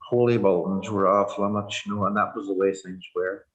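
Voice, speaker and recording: A man in his sixties with a Northern Irish accent, telling his personal story in a halting, earnest way, full of "you know" fillers. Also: low voice, fairly even intonation, highs cut off. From Northern Ireland. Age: 60s. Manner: reflective and earnest. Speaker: former prisoner sharing his story. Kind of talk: personal testimony.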